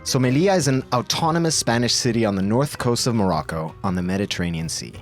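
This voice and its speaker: Playful male podcast narrator, lively pitch. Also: quick pace, faint music behind. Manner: playful, upbeat. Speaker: podcast co-host.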